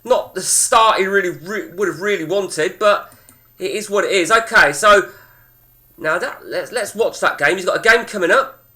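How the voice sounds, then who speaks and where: A man's voice: high voice, moderate pace, pushed and bright. A man hosting casual gameplay commentary, chatting with viewers in a blunt, profane, ranting way. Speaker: host.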